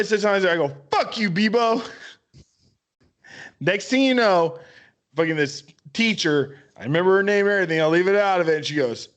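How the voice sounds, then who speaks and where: Podcast co-host: an animated man whose pitch leaps around, swearing freely as he tells stories. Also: moderate pace, long pauses. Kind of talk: casual chat.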